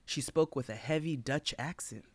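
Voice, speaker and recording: A man's voice: medium pitch, moderate pace, no echo. A man co-hosting a comedy podcast, telling a made-up history tale as a mock-solemn storyteller. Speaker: podcast co-host. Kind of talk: comic tall-tale storytelling.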